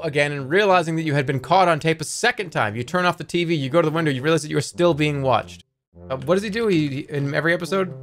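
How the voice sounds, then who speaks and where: A man streaming a text game, reading its lines aloud with wry, joking asides and free swearing. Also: on the high side.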